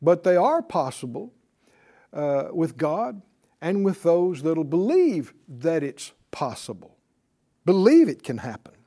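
A man's voice: a little high, big pitch swings, slow, warm tone. A man teaching a Bible class in a call-and-response style. He stresses and repeats key words and has the class repeat lines back to him.

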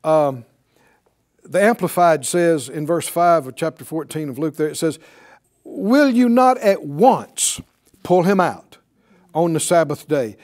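A man's voice: on the high side, unhurried. A man preaching a sermon, calling out to his congregation for responses. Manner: animated, calls for responses from the congregation.

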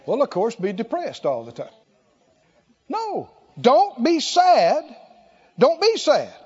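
A man's voice: extremely high pitch, wildly swooping pitch, slow pace, darkish tone, slightly rough, highs cut off. A man preaching a sermon, emphatic and exclaiming, repeating short phrases for effect.

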